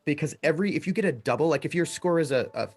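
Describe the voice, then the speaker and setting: Guy running a tabletop game, laid-back explaining, pauses a lot. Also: on the high side, faint music behind. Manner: relaxed, explanatory, with many pauses. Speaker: game master.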